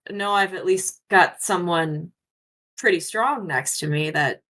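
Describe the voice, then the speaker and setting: A woman's voice: fairly low pitch, measured pace, sharp tone, pitched below the performer's own voice. A woman voicing a nervous young man in a tabletop game who stammers that he is not scared. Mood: bashful. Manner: stammering, defensive. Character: jittery young man insisting he is brave.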